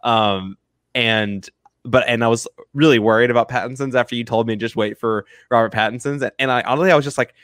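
A man's voice: mid-range voice, steady tone, a little fast, a bit bright, no room sound, clean studio sound. A man co-hosting a casual film review chat, rambling with many restarts and fillers. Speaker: film review podcast co-host.

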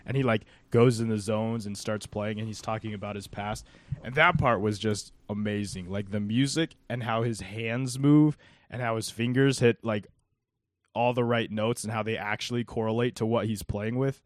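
A man's voice: on the low side, steady tone, normal speed, dry recording, clean studio sound. A young man co-hosting a podcast, talking earnestly in casual chat with many fillers. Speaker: podcast co-host.

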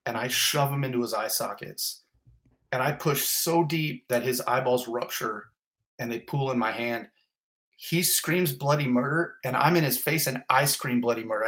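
A middle-aged fire captain, appearing as a podcast guest, tells a personal story he builds up through short, repeated, graphic clauses. His ordinary mid-range voice has a fairly bright tone, and his delivery stays intense and vivid.

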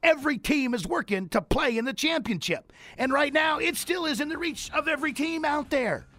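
A man's voice: very high-pitched, fairly quick, sharp tone, no room sound. A man hosting a talk radio hour on business leadership, talking energetically and repeating phrases for emphasis. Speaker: radio show host and leadership coach.

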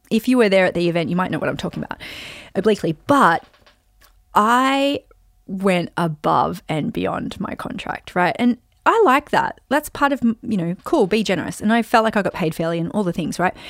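A woman's voice: medium pitch, lively intonation, normal speed, dry recording, studio quality. A woman hosting her own show, telling a story in a chatty, rambling way with lots of "like" and "you know". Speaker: podcast host and speaker. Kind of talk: casual storytelling monologue.

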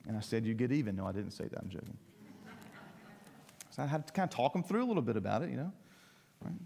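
A man preaching a sermon, emphatic, climbing to loud peaks and then dropping to quiet lines. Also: mid-range voice, very animated, fast, gravelly, a little hiss or hum. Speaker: pastor. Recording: long hall reverb.

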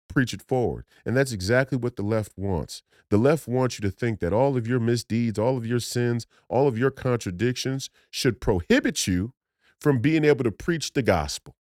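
A man's voice: medium pitch, darkish tone, dry recording, studio quality. A man from Minnesota hosting a podcast, delivering an emphatic, preachy political monologue with many restarts and repeated phrases. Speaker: podcast host.

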